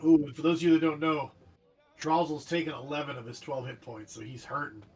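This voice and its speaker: A man narrating a tabletop game as game master, animated and jokey, describing the action vividly. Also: a little high, fairly quick, breathy edge. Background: faint background music.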